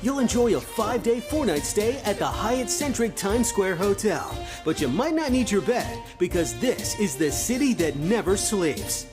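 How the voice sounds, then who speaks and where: A woman announcer reading a scripted prize announcement in a smooth, promotional way. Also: mid-range voice, sing-song, moderate pace, hardly any pauses, over music.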